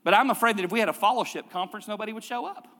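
A man's voice: high-pitched, racing, a bit bright, big-room sound. A middle-aged male pastor preaching a sermon in a conversational way, with rhetorical questions and repeated phrases. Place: church sanctuary.

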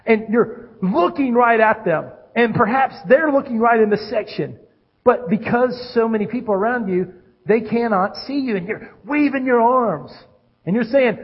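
A man, a pastor with children, preaching a sermon with animated swings between loud calls and hushed lows. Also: moderate pace, husky, dull audio. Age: adult with children.

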